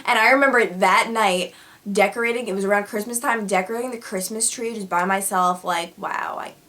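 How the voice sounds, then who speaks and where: A woman's voice: mid-range voice, fairly even intonation, fairly quick, pushed and bright. A young woman telling stories casually to her vlog audience, chatty with lots of fillers. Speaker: vlogger. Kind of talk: casual storytelling.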